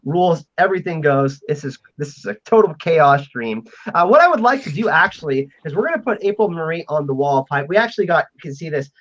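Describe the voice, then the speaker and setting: A man hosting a casual podcast panel stream, making rambling, excitable announcements over a remote mic. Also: on the high side, fast talker, hardly any pauses. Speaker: podcast host. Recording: muffled lo-fi stream audio.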